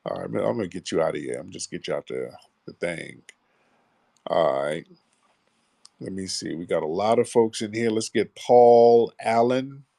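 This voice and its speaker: Male call-in host, blunt and slangy, a little low-voiced, dry close sound. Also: vocal fry, mellow, no room sound. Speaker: host of a call-in audio show. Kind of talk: live call-in talk.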